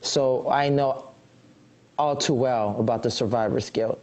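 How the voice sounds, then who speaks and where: A middle-aged woman and grandmother hosting a casual live video chat from her computer, talking in a chatty, warm-hearted way with many fillers and restarts. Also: very deep voice, steady tone, a little slow. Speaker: host. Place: home, at a computer. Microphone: computer mic on a live video call.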